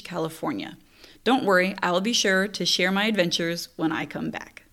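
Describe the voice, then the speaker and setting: Animated woman telling a family story. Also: lowish voice. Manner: animated, exasperated, laughing storyteller. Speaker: podcast host. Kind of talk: casual storytelling monologue.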